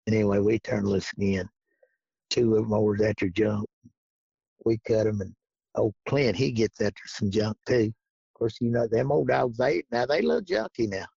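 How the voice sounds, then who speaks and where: A man's voice: lowish voice, moderate pace, vocal fry, warm tone, husky, no echo. A man telling a rambling, folksy hunting story and acting out what each person said, on a dull lo-fi recording. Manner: folksy, rambling, acts out quoted dialogue. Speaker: guest telling hunting stories. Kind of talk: casual storytelling. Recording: dull lo-fi sound.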